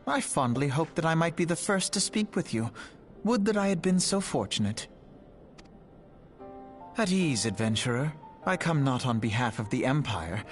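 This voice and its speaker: A man's voice: a little high, very animated, moderate pace, faint music behind. A formal, earnest young nobleman. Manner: formal, old-fashioned phrasing.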